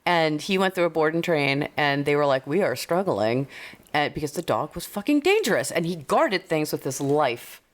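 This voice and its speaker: A young adult woman dog trainer chatting on a podcast, animated and blunt, swearing freely. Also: normal speed. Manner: animated, swearing, swoops high when quoting. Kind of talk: casual podcast chat.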